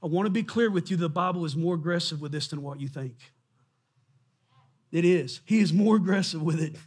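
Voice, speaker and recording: A man preaching a sermon in a church, impassioned and often shouting, acting out the voices of doubters. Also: fairly high pitch, brisk, slightly rough. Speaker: pastor.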